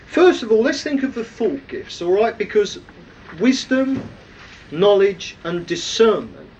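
A man's voice: high-pitched, a little mellow, far from the mic, dull audio, a little hiss or hum. A man preaching a sermon, teaching emphatically and often asking his listeners questions. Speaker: preacher teaching a weekly series.

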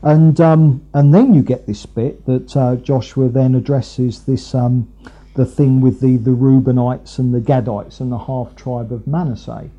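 A man's voice: medium pitch, steady tone, unhurried, mellow, muffled recording. A man preaching a conversational sermon, rambling with many fillers and restarts. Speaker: preacher, Bible teacher.

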